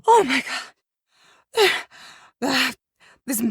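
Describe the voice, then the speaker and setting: A woman with a fairly high voice speaks as a player in a tabletop game, her pitch swinging about as she talks. The sound is close and dry. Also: extremely slow, no room sound. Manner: expressive, laughs often.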